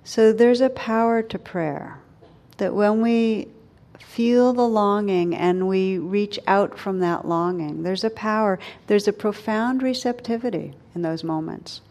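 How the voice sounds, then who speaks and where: Softly reflective woman giving a dharma talk. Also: medium pitch. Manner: gentle, reflective, with soft slow pauses. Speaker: meditation teacher.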